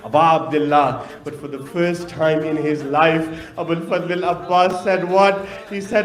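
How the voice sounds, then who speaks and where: A man's voice: high voice, steady tone, moderate pace, few pauses, echoey room, poor audio. A man narrating a mournful sermon, asking rhetorical questions and now and then slipping into a chanted lament. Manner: asks rhetorical questions and answers them. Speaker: preacher.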